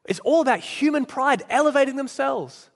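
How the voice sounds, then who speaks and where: A man's voice: extremely high pitch, animated, moderate pace, creaky, long reverb tail. A man preaching a sermon, earnest and storytelling, with occasional restarts. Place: church.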